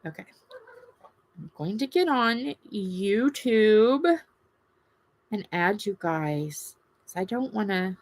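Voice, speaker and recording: A woman's voice: medium pitch, expressive, slow, pauses often. A middle-aged woman with a Southern US accent, hosting a casual livestream and chatting in a rambling, gushing way with her viewers. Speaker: livestream host. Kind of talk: casual live-stream chat to viewers.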